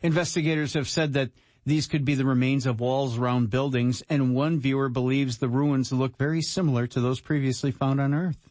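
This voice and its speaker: A man's voice: medium pitch, steady tone, fairly quick, darkish tone, no echo. A man co-hosting a radio talk show, reading news items and viewer quotes with a wry, snarky touch. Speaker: radio co-host.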